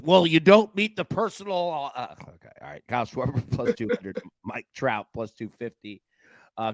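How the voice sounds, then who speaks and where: A man's voice: medium pitch, no room sound. A man hosting a sports betting show, chatting casually in a loose, slangy way. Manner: animated, loose and slangy, lots of "man" and "dude".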